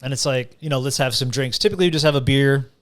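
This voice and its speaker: A man telling a story as a podcast guest in casual chat, animated and vivid, often slowing down for effect. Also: mid-range voice.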